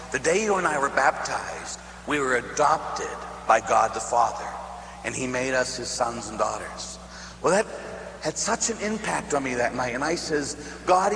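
A middle-aged man from Pittsburgh, a Catholic priest, telling funny personal stories in a sermon, animated and laughing as he acts out the voices. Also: medium pitch. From Pittsburgh, USA. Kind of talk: humorous storytelling sermon. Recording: echoey hall with faint hum.

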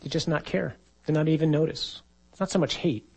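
A man's voice: on the high side, a little fast, vocal fry, a little mellow, husky, poor audio. A man, a priest, giving a conversational sermon and acting out the voices he quotes.

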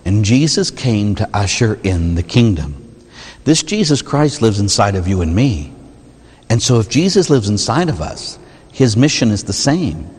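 A man's voice: lowish voice, darkish tone, husky. A man, a Catholic priest, preaching a sermon in a church in a conversational way, full of rhetorical questions. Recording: long reverb of a church hall.

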